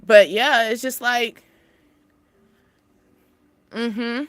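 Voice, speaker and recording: A woman hosts a spiritual channel and talks casually to her viewers with a bright, somewhat high voice. Her recording is dry. She rambles and repeats phrases, shifting from emphatic peaks to quiet asides. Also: a little slow, creaky, dry recording. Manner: swings between emphatic highs and soft low asides. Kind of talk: casual motivational talk to camera.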